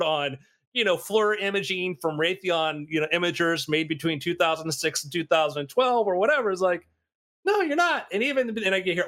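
A man with a bright, forceful voice pitched a little high, chatting casually. He tells stories with energy and acts out the people he quotes, swinging his pitch up and down. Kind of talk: casual conversation.

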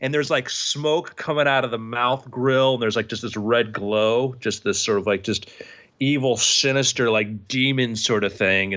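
A man's voice: mid-range voice, normal speed. Man, game master, vivid scene narration, dull lo-fi audio. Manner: animated scene-setting with voices.

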